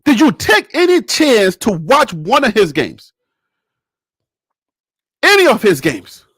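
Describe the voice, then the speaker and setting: A man from Liberia gives animated, theatrical sports commentary in a high voice that swoops constantly. He acts out the plays as he talks. The sound is close and dry, with no room echo. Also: slow pace, slightly rough.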